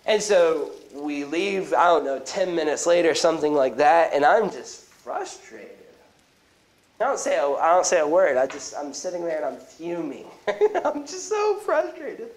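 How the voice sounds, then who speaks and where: Male pastor, slightly high voice, lively conversational sermon style, trips over his words. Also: normal speed, rough recording. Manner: conversational, animated preaching with frequent restarts and asides. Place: church sanctuary.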